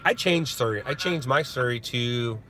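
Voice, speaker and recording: Recorded on a phone with a noisy background, this middle-aged Southern Californian chats and laughs through a casual livestream, rambling as he responds to viewers. He speaks at normal speed in an expressive, medium-pitched voice.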